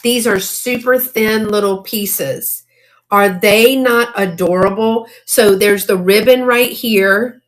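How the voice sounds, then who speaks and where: A woman with a drawl hosts a live online sale and talks at an unhurried, slow pace. Her voice sits at an ordinary middle pitch. She is chatty and keeps exclaiming over each item, and she stumbles through old cursive as she reads it aloud. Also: steady tone. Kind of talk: casual live-sale chat.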